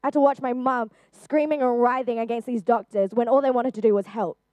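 A woman's voice: on the high side, steady tone, a little fast, no room sound, dull audio. Earnest young woman, dry close sound. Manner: earnest, chatty, with frequent fillers. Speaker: youth speaker. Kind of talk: personal testimony talk.

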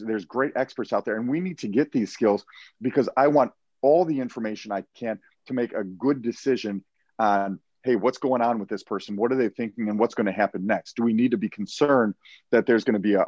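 A man who works as a hostage negotiator, explaining his methods in a measured way in an interview, often repeating words as he starts a phrase. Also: on the low side, darkish tone, no echo, lo-fi sound. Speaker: hostage negotiator and professional speaker. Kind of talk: podcast interview.

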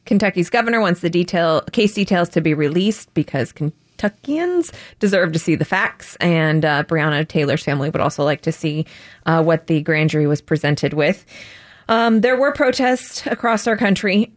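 A woman reads the news on a talk radio show, then drifts into plain chat. Her voice sits a little low for a woman. The mic is close and dry. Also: animated, normal speed, no echo. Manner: reads headlines, then chats plainly with fillers.

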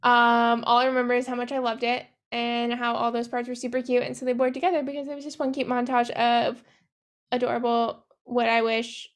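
A young woman co-hosting a podcast, casually recapping a movie in a chatty, profane way with quick asides, acting out the characters' lines as she goes. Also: fairly high pitch, flat delivery. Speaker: podcast co-host.

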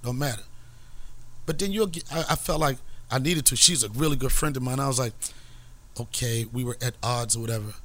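A middle-aged man, the podcast host, telling a story in casual, profane, animated chat and laughing often. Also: mid-range voice, brisk.

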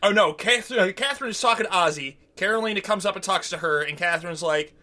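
A man's voice: high-pitched, quick pace, sharp tone. A man co-hosting a podcast, recapping a show in casual, profane, rambling chat and acting out quotes. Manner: rambling, profane, acts out quotes in silly voices. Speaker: podcast co-host.

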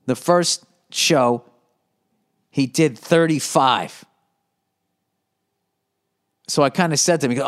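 Podcast host, male, 50s, mid-pitched, swears freely and rambles animatedly from one tangent to the next. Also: slow pace, pauses often. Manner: profane, animated storytelling with asides. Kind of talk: rambling solo comedy podcast.

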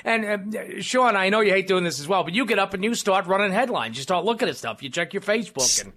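Bright, high-voiced talk radio host. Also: male voice, lively intonation, fast talker. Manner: rambling, self-deprecating, many fillers and restarts. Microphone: studio microphone.

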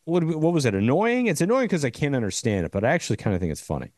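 A man co-hosting a sports podcast, telling stories in an animated way and swearing casually. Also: mid-range voice, very fast, no echo, clean studio sound. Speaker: podcast co-host.

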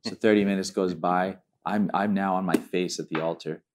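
A man, a minister, tells a personal story in casual conversation. He is animated, often restarts his sentences and keeps breaking into giggles. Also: low voice, moderate pace, noisy background. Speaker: minister and guest.

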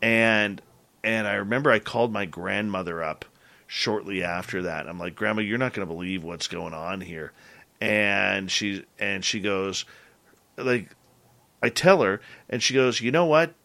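A man with a lowish voice and a forceful, bright edge to it. He hosts a relaxed interview chat, telling personal stories in an earnest, halting way with frequent restarts. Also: vocal fry. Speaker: podcast host.

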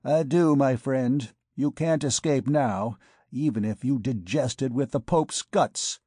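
A man's voice: medium pitch, slow, dark tone, breathy edge, no echo, studio quality. A man reading an audiobook, voicing a commanding male vagabond king who makes stern, repeated threats. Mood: threatening.

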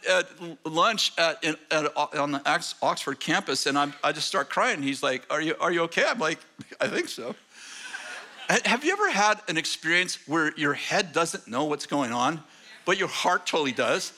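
A man preaching a sermon, telling a personal story in an animated, self-deprecating way with many halting restarts. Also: high voice. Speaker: pastor.

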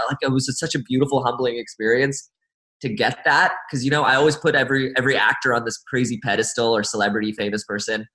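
A young man chats as a guest and tells a story with lots of energy and frequent laughs. His voice is bright and forward. The room adds a clear echo. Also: medium pitch. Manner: animated storyteller, laughs often. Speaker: actor guest. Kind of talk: casual interview chat.

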